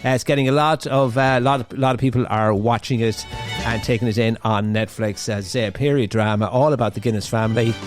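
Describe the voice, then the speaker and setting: A man's voice: medium pitch, steady tone, brisk, faint music behind. A man hosting a radio show, chatting casually through the news with a rambling manner and lots of fillers and restarts. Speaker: radio host. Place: radio studio.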